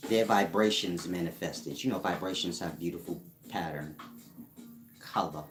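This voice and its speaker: A man giving a casual spiritual teaching monologue, drawling slowly and using street slang. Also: low voice, fairly even intonation, over music. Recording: roomy echo.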